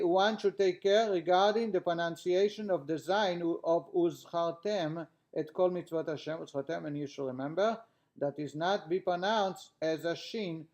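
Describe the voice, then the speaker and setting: A man's voice: high-pitched, normal speed, darkish tone. A man teaching a class, reading a text aloud and then explaining it in plain words with frequent restarts.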